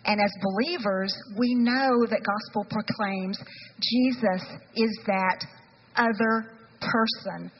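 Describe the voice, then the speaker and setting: A woman's voice: medium pitch, fairly even intonation, slow pace, slight background noise. A woman pastor preaching a sermon in an earnest, frank way and reading scripture aloud, recorded in a church sanctuary with dull lo-fi sound and long reverb.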